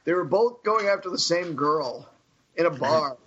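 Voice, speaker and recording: A man with a high, husky voice chatting casually on a podcast. He tells amused anecdotes and laughs along with them. The sound is dull and lo-fi. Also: animated, normal speed, fairly bright tone. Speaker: podcast co-host. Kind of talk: casual chat. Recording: dull lo-fi audio.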